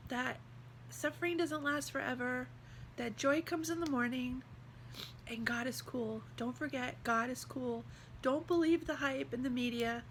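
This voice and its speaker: A woman's voice: high voice, slight background noise, rough recording. A woman vlogger talking in an earnest, heartfelt, rambling way about faith. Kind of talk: casual devotional vlog talk.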